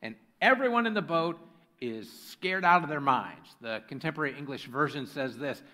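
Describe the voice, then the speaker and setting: Guy pastor w a slightly high voice, reads the bible passage then preaches right at the congregation. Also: expressive, normal speed, bright, forceful tone. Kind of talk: sermon. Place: church sanctuary with a congregation.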